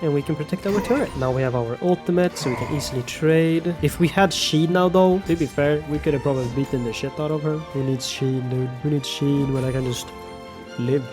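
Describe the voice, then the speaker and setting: A man's voice: a little high, darkish tone. A man giving casual, playful gameplay commentary, mocking his opponent and swearing often. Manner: playful, mocking, swears, mock-panicked taunting. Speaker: gaming video creator.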